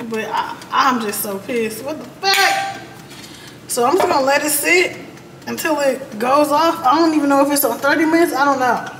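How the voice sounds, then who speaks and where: A woman vlogging at home, chatty and casual, talking straight to her viewers and cursing when annoyed. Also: high-pitched. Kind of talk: casual vlog chat. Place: apartment at home. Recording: echoey room with background noise.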